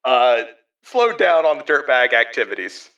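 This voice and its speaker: A man's voice: mid-range voice, very animated, moderate pace, sharp tone, far from the mic, highs cut off. A man narrating as game master of a tabletop game, rambling with many fillers.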